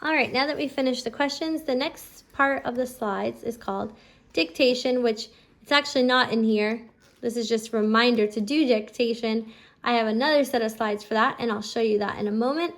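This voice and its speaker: A woman homeschooling her child, explaining a phonics lesson and slowly drawing out letter sounds. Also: fairly high pitch. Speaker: homeschooling parent teaching phonics. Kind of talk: instructional explanation to camera.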